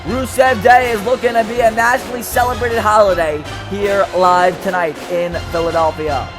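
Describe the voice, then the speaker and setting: A young man giving loud, excitable play-by-play commentary on a wrestling video game match, hyping the action and trash-talking the wrestlers. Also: high voice, moderate pace, over music.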